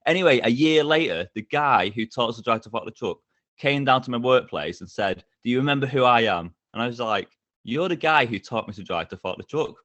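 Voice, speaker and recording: A middle-aged man, a podcast guest telling stories with lively energy and frequent laughs. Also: medium pitch, fairly quick, dry recording, lo-fi sound. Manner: energetic, animated, laughs often. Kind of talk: casual storytelling interview.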